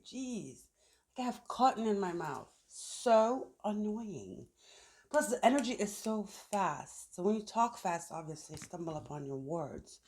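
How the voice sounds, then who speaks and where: A woman's voice: mid-range voice, sing-song, unhurried, a little mellow. Chatty woman reading tarot cards. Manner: chatty, thinks aloud while pulling cards. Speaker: tarot reader. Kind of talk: casual tarot reading to camera. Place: outdoors in the sun.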